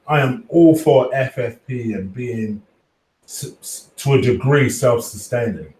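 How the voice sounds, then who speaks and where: A man hosting a casual fan live stream, reading chat, swearing freely and giving shout-outs to viewers. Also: medium pitch, measured pace, far from the mic. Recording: echoey room, voice off-mic at times.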